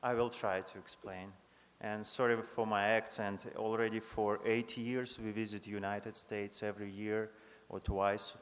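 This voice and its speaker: A man, a choir director teaching a congregation to sing, speaking in halting, friendly, broken English. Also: fairly low pitch, flat delivery. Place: large chapel. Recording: long hall reverb.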